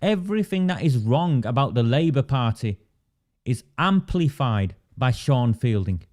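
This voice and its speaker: A man's voice: medium pitch, very animated, unhurried, darkish tone. Guy ranting on his livestream, fired up, answers chat comments as he goes. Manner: indignant, emphatic, reads viewer comments aloud. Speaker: livestream host.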